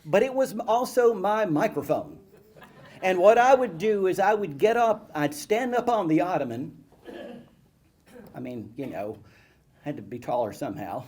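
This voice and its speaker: Animated man telling stories. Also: a little high. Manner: animated, self-mocking storyteller acting out childhood scenes. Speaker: guest speaker. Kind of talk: storytelling talk to an audience. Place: event hall with live audience.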